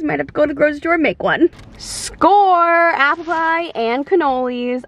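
A woman vlogging in a casual, chatty way, bubbly and easily excited as she talks through her shopping and cooking. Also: medium pitch, muffled recording. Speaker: lifestyle vlogger. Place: shops, car and home kitchen. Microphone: camera mic, handheld then tripod.

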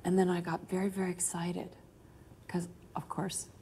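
A woman telling an emotional story in an interview, animated, gasping and laughing as she goes. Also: lowish voice, normal speed, a little hiss or hum.

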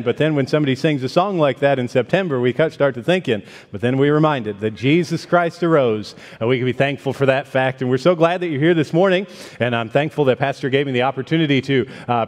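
A man from the northern United States giving a folksy sermon as guest preacher, with many fillers and restarts. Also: a little high. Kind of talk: sermon with a joke. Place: church sanctuary. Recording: long church reverb.

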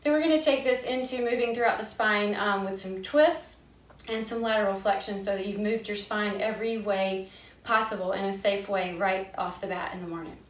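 A woman leading a gentle yoga class, giving calm, soothing cues paced with the breath. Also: medium pitch, moderate pace, far from the mic. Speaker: yoga instructor. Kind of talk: gentle guided yoga instruction. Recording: echoey room, voice a bit off-mic.

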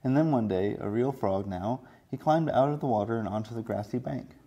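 A man, a children's librarian, reading a picture book aloud in a slow, gentle storytelling way. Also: medium pitch.

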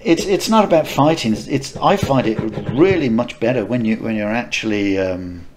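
A middle-aged man shares anecdotes as a podcast co-host, laughing and restarting often in a relaxed chat. He speaks in a mid-range voice at a moderate pace over a noisy background.

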